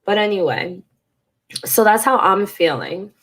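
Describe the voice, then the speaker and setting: A woman's voice: mid-range voice, expressive, a little slow, fairly bright tone, slightly rough. A congested woman in her thirties talking frankly and casually to her viewers in a personal vlog, swearing now and then. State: congested from a cold. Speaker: vlogger.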